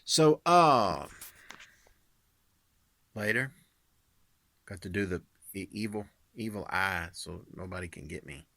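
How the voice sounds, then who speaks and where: Jokey guy rambling slowly on a vlog, bright voice, dry recording. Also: low-pitched, expressive, vocal fry, no room sound. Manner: rambling, jokey, many fillers. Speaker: vlogger and singer.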